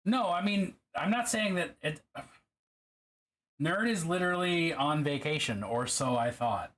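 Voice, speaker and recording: A man's voice: a little high, expressive, measured pace, a bit bright. A man casually chatting and swearing to himself while painting a miniature on a live stream. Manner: profane, joking, talks to himself while working.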